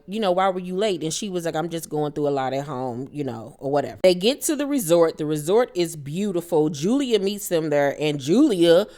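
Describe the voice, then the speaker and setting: A woman hosting a casual reality TV recap, talking in an animated, gossipy and profane way, with bursts of mock outrage. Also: lowish voice.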